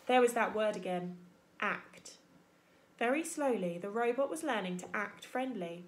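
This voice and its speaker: A woman teacher reading a children's book aloud in an expressive storytelling manner. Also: mid-range voice, a little slow. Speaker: primary school teacher.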